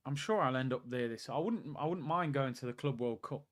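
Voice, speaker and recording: Chatting excitedly at a slightly fast clip, a young man with a mid-range voice hosts a football watchalong live, responding to the match and to his viewers' questions.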